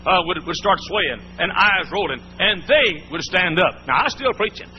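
A man's voice: high-pitched, animated, normal speed. A man pastor preaching a sermon, telling folksy stories and often repeating and restarting his words. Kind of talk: storytelling sermon. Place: church before a congregation. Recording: muffled old sermon tape with faint hum.

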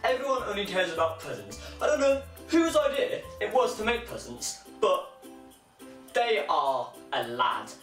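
Young male comic, very high and lively voice, sarcastic rants, echoey room with a distant mic. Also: measured pace, faint music behind. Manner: sarcastic, jumps into shrill mocking put-on voices. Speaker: comedian. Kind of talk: stand-up style comic monologue.

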